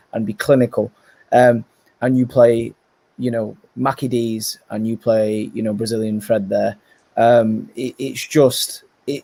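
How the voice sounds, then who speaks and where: A man's voice: medium pitch, no echo. Opinionated man, dry sound. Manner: animated, opinionated, repeats words when starting. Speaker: podcast guest, rival football fan. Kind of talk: casual chat, football debate.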